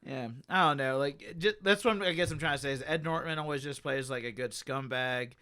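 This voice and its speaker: A man's voice: mid-range voice, a little fast, bright, forceful tone, clean tone. A young man co-hosting a comedy podcast, rambling in casual chat and hedging his points. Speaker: podcast co-host.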